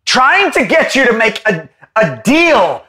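A man preaching an impassioned Bible-study sermon, rising at times to a shout. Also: very high voice, sing-song, slow pace.

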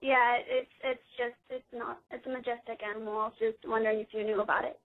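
A woman calls into a radio show and sounds nervous and giggly as she asks her questions. Her high voice comes through a tinny phone line. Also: flat delivery, quick pace. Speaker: caller.

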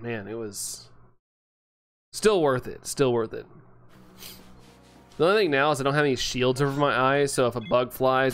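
A man's voice: medium pitch, a bit bright, smooth. A young man chatting casually as a game streamer, rambling with lots of fillers and often laughing. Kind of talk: casual chat while playing, reading chat.

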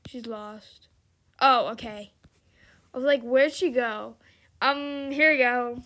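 A woman's voice: fairly high pitch, takes it slowly, long pauses, a bit bright. A young woman giving casual, dramatic gameplay commentary, laughing often and exclaiming. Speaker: gaming video creator.

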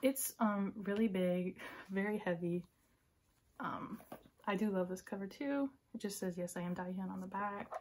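A woman's voice: mid-range voice, normal speed, a little mellow, a little hiss or hum. Giddy young woman gushing over an unboxing. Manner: giddy, gushing, often drops to a whisper. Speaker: K-pop fan vlogger. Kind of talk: excited unboxing vlog.

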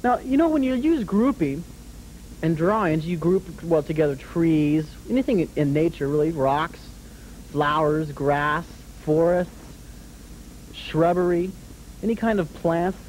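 A man's voice: a little high, measured pace, a little mellow, slight background noise, poor audio. A man hosting a children's drawing lesson, talking his young viewers through each step with patient, encouraging questions and frequent chuckles. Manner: chuckles often while drawing.

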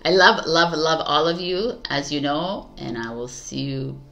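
A woman's voice: deep voice, measured pace, gravelly, fairly bright tone, lo-fi sound. A woman tarot reader talking casually to her viewers, affectionate, laughing often and repeating herself. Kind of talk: casual spiritual talk to viewers.

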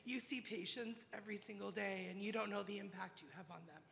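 A woman's voice: mid-range voice, quick pace, gravelly, a bit bright. A woman, a nurse in the audience, giving an earnest, rambling, heartfelt comment at a live panel. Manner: earnest, rambling, searching for words. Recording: echoey hall with faint noise.

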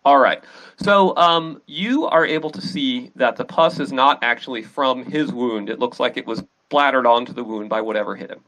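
A man running a tabletop game as game master, explaining rules and scenes in a relaxed, hesitant way with many fillers. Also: medium pitch, normal speed, low-quality recording.

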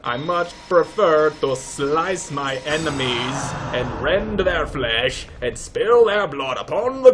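A young man giving let's play commentary, mock-pompous and swearing, shouting insults at enemies. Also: a little high, noisy background. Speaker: gaming YouTuber.

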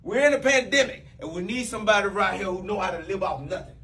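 Man as a loud teasing boss, high voice, faint room noise behind. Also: animated, quick pace. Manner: bossy, loud and teasing, swings pitch a lot. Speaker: comedian playing a new boss. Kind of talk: improvised comedy sketch.

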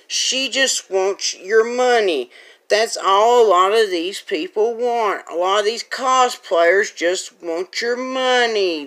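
A woman's voice: medium pitch, fairly bright tone. Crude, ranting woman commentator. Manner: crude, profane, rambling with restarts. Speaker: online commentator. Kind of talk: angry rant.

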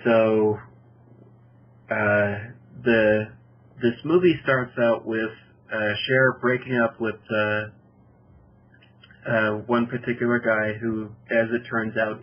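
A man hosting a casual film review podcast, summing up a plot in a halting way with many fillers. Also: mid-range voice. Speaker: podcast host. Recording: dull lo-fi podcast audio.

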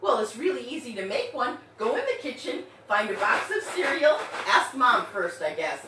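A woman's voice: on the high side, big pitch swings, moderate pace, reverberant, recorded from a distance, noisy background. A woman in her fifties leading a playful online music class for young children, singing call-and-response songs. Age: 50s. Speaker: kids' music teacher.

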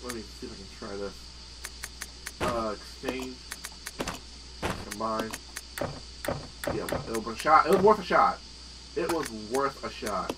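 A man's voice: mid-range voice, far from the mic, heavy background noise. A young man giving casual gameplay commentary, swearing and yelping when startled. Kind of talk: casual let's-play commentary.

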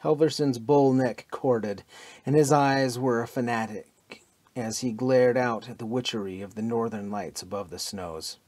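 A man narrating a pulp adventure audiobook with a dramatic, expressive reading. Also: mid-range voice, normal speed, dry recording.

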